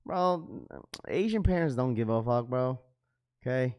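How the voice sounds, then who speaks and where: A man's voice: mid-range voice, lively intonation, measured pace, darkish tone. A man hosting a sneaker livestream, talking casually to chat in heavy slang. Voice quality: slangy, says "bro" often.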